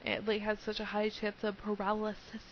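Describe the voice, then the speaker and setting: A woman's voice: medium pitch, completely flat delivery, moderate pace. A giggly, hyper young woman talks through her video game run in loose, rambling commentary. The recording is dull and lo-fi, with a faint hiss underneath. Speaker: let's play host. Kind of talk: casual gameplay commentary.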